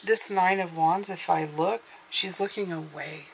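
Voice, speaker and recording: A woman's voice: on the low side, a little slow, gravelly, slight background noise. A woman giving an intuitive tarot reading, speaking in a meandering, hesitant way as she thinks aloud. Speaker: tarot reader.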